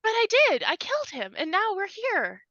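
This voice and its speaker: A tabletop role-play player voicing a character who speaks in a high, slow, eerie sing-song. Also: female voice, huge pitch swings, a bit bright, no room sound, lo-fi sound, heavily acted. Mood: eerie giddy.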